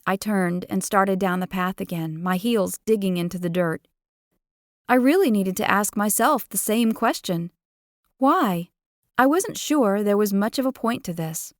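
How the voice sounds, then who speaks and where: A woman narrating a first-person romance audiobook in an expressive, playful way, on a close studio mic. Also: medium pitch, measured pace, no echo.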